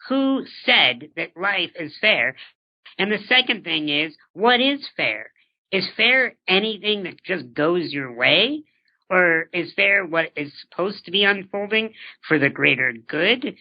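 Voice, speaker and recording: The dull lo-fi recording features a high-sitting male voice. He's an interview guest in his thirties whose reflective, earnest delivery is full of rhetorical questions and repeated words at the start of his thoughts.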